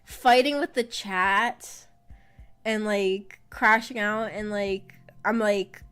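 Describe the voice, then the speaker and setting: A woman's voice: medium pitch, steady tone, slow, fairly bright tone, clear, resonant tone. A woman VTuber streamer chatting casually on a livestream, rambling, trailing off with fillers and laughing often. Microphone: streaming microphone. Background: faint background music.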